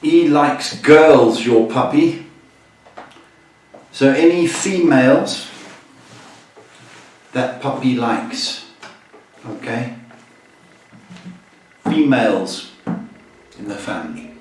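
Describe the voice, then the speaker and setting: A man hosting a live-stream psychic reading, talking gently and often checking in with "okay?". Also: medium pitch. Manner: slow, soothing, ends phrases with "okay?". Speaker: psychic host. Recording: echoey room, mic far off, faint noise.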